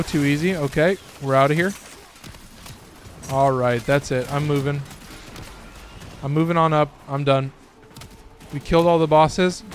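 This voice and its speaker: Young male streamer, loose and rambling, swears freely, voice cracking now and then; a bit high, faint background noise. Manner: loose, rambling, swears often, lots of fillers. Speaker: gaming streamer. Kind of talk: casual gameplay commentary.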